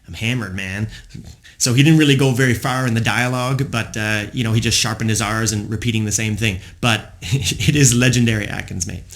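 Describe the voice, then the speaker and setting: Guy in his 40s hosting a podcast, lowish voice, rambly and reflective, lots of ums. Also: fairly even intonation, a little fast, gravelly, hardly any pauses, fairly bright tone. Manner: rambling, many fillers, self-reflective. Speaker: podcast host. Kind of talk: reflective personal monologue.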